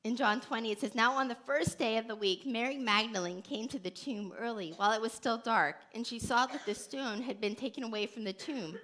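A woman hosting a faith teaching podcast, telling stories in an earnest, animated way with many restarts. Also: fairly high pitch, fairly quick, few pauses. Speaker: podcast host.

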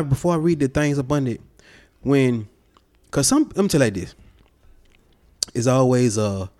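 Guy talking AAVE, swings up and down a lot, leans hard on his cuss words. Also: medium pitch. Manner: emphatic, swears for emphasis, animated outbursts. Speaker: podcast co-host. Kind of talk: casual chat.

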